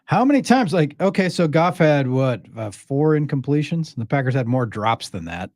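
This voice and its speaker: A man hosting a sports radio show, chatty and lively, telling hypotheticals. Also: medium pitch, moderate pace, no echo, studio quality. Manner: lively, storytelling, animated. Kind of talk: casual sports radio chat.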